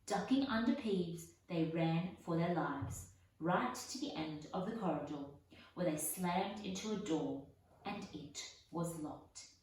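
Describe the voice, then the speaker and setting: A woman reading a children's storybook aloud in a measured, unhurried way. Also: fairly low pitch, animated, a little mellow, slight background noise. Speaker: audiobook reader. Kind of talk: storybook narration. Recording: echoey room, voice from far off.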